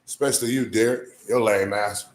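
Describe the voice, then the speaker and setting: A man's voice: on the low side, fairly even intonation, a little fast. A man doing rambling livestream banter, crude and trash-talking, answering his chat. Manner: sings off-key bursts of a ballad.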